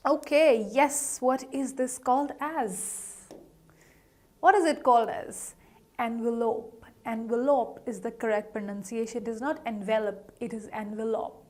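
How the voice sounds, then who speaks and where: A woman gives an online pronunciation lesson in a high, bright-toned voice. She is upbeat, keeps asking her viewers questions, and says each word slowly and more than once. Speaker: English pronunciation teacher.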